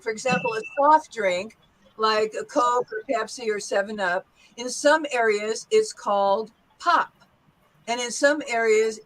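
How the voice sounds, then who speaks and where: High, slow-speaking teacher woman. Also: fairly bright tone, slight background noise, low-quality recording. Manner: slow, enthusiastic praise, modeling pronunciation. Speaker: accent teacher. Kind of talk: online language class.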